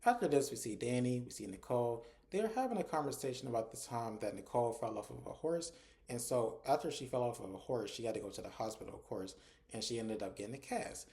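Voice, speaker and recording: Mellow-voiced man recapping a TV episode. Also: mid-range voice, animated, quick pace. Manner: retells scenes conversationally, often with "and so" and "like". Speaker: TV episode reviewer.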